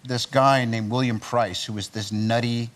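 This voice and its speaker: A male actor who is a guest on a talk show, talking in a relaxed, rambling way and dropping wry jokes. His voice sits at an ordinary middle pitch. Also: normal speed.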